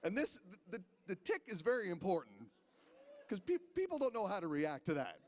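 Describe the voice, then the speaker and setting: A man's voice: high-pitched, wildly swooping pitch, fairly quick. A man doing a rambling stand-up set in a casino, stammering through restarts. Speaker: stand-up comedian. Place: casino stage. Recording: long hall reverb from a live venue.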